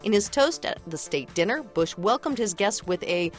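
A woman reading the headlines on a radio news show, with a steady and formal delivery. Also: medium pitch, normal speed, soft background music. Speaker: newsreader.

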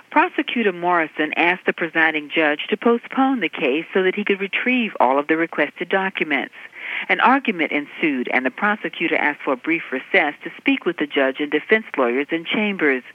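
A woman correspondent delivering a reported news segment in a measured, even way. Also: sits low, no echo. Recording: dry, dull lo-fi line.

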